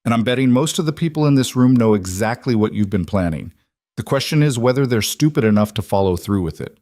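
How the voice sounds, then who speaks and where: A man voicing a cold, controlled mafia boss, in a clipped, even manner. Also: mid-range voice, fast talker, no echo, studio quality, natural voice.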